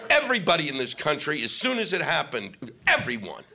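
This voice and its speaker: A man's voice: fairly high pitch, wildly swooping pitch, fairly quick, creaky, pushed and bright, a little hiss or hum. A middle-aged male stand-up comic on stage, ranting in a sarcastic, profane way. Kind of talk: stand-up comedy set. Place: comedy stage before a live audience.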